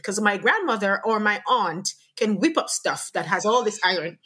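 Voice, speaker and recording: A woman with a Jamaican accent, a guest in an interview, telling her stories in an animated way and acting out the voices of the people in them. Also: mid-range voice, a little fast, few pauses, slightly rough. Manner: animated storyteller who acts out quoted exchanges. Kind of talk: casual interview conversation.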